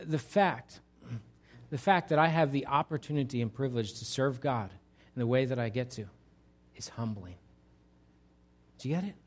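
A pastor preaching a conversational sermon to his congregation, swinging between loud emphasis and quiet, hushed lines. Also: medium pitch. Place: church sanctuary.

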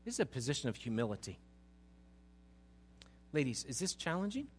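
A man preaching a sermon, addressing his congregation directly and rising into loud, emphatic passages. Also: mid-range voice, very animated, fairly quick, slight background noise. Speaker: pastor.

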